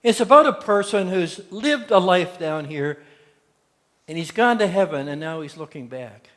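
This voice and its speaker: A man's voice: high voice, expressive, moderate pace, fairly bright tone. Man, pastor, folksy sermon storytelling, acted-out quotes, reverberant sanctuary. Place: church sanctuary. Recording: long church hall reverb.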